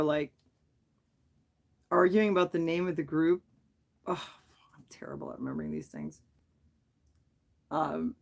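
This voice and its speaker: A woman's voice: lowish voice, gravelly. Middle-aged lady on a livestream, chatty and giggly, voice bouncing all over the place. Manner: chatty, giggly, self-deprecating. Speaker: livestream host. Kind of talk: casual livestream chat.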